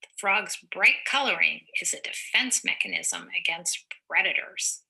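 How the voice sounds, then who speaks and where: A woman teacher reading a picture book aloud to young children, slowly and encouragingly, stopping to explain words simply. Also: lowish voice, expressive, gravelly, sharp tone.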